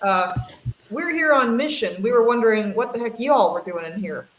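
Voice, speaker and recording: A relaxed player speaks in character during a tabletop game. The voice sounds distant and roomy, with a faint hiss underneath. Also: medium pitch, moderate pace, highs cut off.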